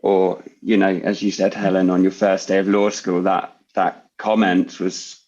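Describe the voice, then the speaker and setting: Deep-voiced man on dull lo-fi audio. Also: little pitch movement, darkish tone. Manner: thoughtful, measured, hesitant. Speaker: panelist in a webinar. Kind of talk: conversational panel discussion.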